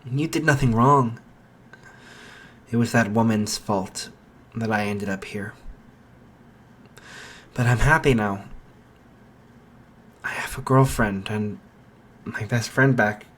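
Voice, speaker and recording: A gentle, shy teenage boy, voiced by a man reading a fan story. He speaks softly and hesitantly. The pacing is slow. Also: fairly low pitch, husky, heavily acted.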